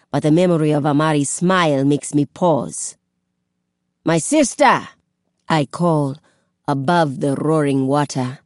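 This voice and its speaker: A woman narrating a first-person story as an audiobook, in a measured, dramatic way. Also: deep voice, a little mellow, no room sound, studio quality.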